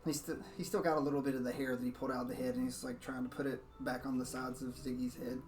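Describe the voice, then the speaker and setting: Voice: medium pitch, level tone, fast, darkish tone, faint music behind. A playful game master narrating a tabletop game, often breaking into giggles.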